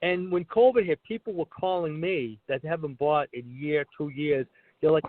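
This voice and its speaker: A man's voice: on the high side, moderate pace, no room sound. A middle-aged man, a comedian, telling stories from his career in a casual interview and acting out the dialogue. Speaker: guest, comedian. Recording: tinny call line, dry.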